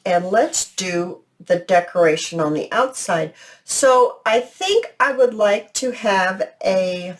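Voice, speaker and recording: A woman hosting a crafting video, thinking aloud in a chatty, unhurried way. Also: mid-range voice. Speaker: crafting channel host. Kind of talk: casual craft tutorial narration.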